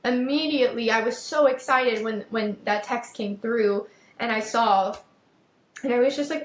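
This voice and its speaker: A young woman with a high voice talks straight to her listeners in a casual motivational monologue. She is earnest and emphatic, and she leans on repeated phrases to drive her points home. The sound is echoey, as if recorded in a bare room. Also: moderate pace, a bit bright. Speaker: podcast host.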